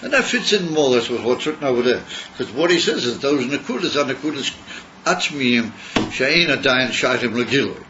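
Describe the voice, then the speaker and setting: Male teacher, mid pitch, halting delivery, muffled lo-fi class recording with faint hiss. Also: expressive, pushed and bright. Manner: halting, repeats words, mixes Hebrew terms. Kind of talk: Chassidus class.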